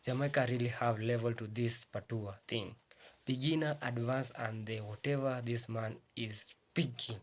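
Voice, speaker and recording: A man reading scripted voice-over commentary for a reaction video in an even, joking way. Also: mid-range voice, moderate pace. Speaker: reaction channel host.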